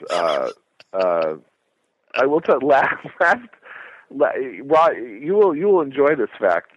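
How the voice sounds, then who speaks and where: A middle-aged man co-hosting a podcast in casual chat, halting with many fillers and restarts. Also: mid-range voice, very animated, dry recording. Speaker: podcast co-host. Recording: tinny phone line, dry.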